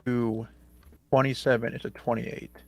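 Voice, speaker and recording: A young man joking deadpan on a casual gaming livestream. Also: mid-range voice, measured pace, creaky. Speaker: stream guest.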